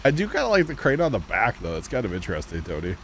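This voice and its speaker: Chatty male game streamer, lively pitch. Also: very fast, a little hiss or hum. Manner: chatty, jokey, talks to viewers. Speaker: livestream host. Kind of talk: casual gameplay chat.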